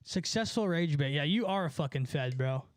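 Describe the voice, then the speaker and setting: High-voiced young man streaming, dry mic. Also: animated, normal speed, no echo. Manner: laughing, mocking, profane. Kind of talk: casual live-stream chat.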